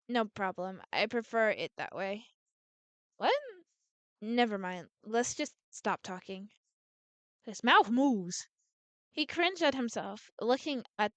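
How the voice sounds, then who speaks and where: Streamer, woman, reads game dialogue aloud with a smooth, slightly high voice; dry room sound. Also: no echo. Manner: reads all characters in her own voice, frequent restarts. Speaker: gameplay streamer. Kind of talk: reading a visual novel aloud.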